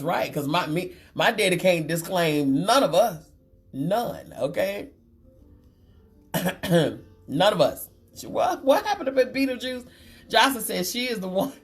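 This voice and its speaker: A woman, hosting a live chat show and reading out viewer comments with sass and frequent laughter. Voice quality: deep voice. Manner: sassy and animated, laughing often. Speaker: talk show host.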